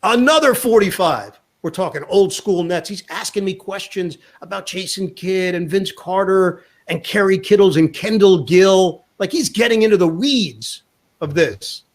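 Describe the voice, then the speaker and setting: A man with a slightly raised pitch tells a story in a chatty interview. He keeps it lively, slipping into the voices of the people he quotes. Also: a little slow. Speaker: sportscaster guest. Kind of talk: storytelling anecdote in a chat.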